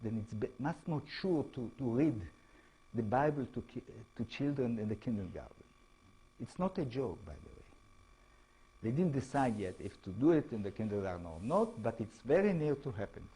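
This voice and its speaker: A man with an Israeli accent lecturing as an author, speaking halting English and often checking in with tag questions. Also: medium pitch, sing-song, dark tone, husky, rough recording. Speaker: author giving a talk. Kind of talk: lecture to an audience.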